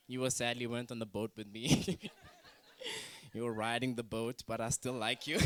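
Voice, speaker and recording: A man's voice: medium pitch, fairly bright tone. A man from Africa doing a stand-up comedy set at a student talent show, teasing the crowd and judges with mock outrage.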